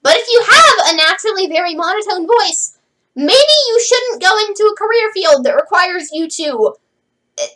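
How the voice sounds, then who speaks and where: Woman vlogger ranting about a tv show, really high bright voice, sarcastic, says like a lot. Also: expressive, normal speed, poor audio. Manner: chatty, sarcastic, lots of "like" fillers. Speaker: host reviewing a TV series. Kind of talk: casual opinionated review.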